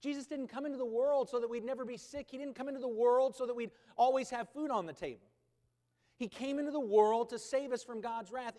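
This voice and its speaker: Man, pastor, high voice, loud emphatic preaching with quiet asides, long church reverb. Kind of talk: sermon.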